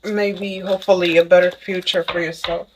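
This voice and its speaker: Chatty, excitable woman reading tarot. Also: lowish voice, normal speed, noisy background. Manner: excitable, chatty, keeps adding "okay?". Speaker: tarot reader. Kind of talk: casual spoken tarot reading to the viewer.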